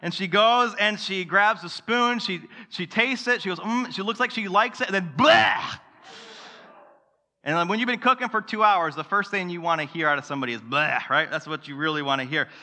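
Guy preaching in a big echoey church, bright punchy voice, tells stories and asks the room questions. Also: sits high, quick pace, few pauses. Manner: storytelling, animated, rhetorical questions to the congregation. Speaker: pastor. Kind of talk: sermon. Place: church sanctuary.

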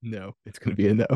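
A man's voice: lowish voice, a little mellow, no echo, muffled recording. A man co-hosting a casual podcast chat over a call, teasing and a bit sassy. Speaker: podcast co-host. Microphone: remote call mic.

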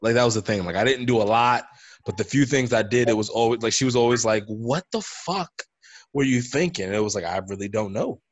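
A man's voice: mid-range voice, a little fast. Playful New York man, laid-back. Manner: laid-back, playful slang, repeats "listen". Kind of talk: casual chat.

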